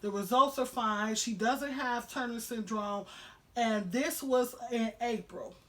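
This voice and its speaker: A woman's voice: a little high, slow pace, fairly bright tone. A woman vlogger telling a personal story to camera at home, emotional and candid, with a lot of "you know" fillers.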